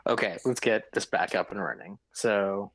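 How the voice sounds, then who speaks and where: Halting, casual man running a tabletop game. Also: on the low side, fairly bright tone, no echo. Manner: casual, halting, many fillers and restarts. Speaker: game master. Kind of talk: narrating a tabletop game over voice chat.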